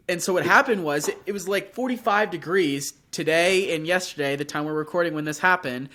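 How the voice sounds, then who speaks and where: A young man, sick with a sore throat, co-hosting a podcast and telling an animated story in casual chat, acting out his own reactions. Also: fairly high pitch, fast, hardly any pauses. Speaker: podcast co-host.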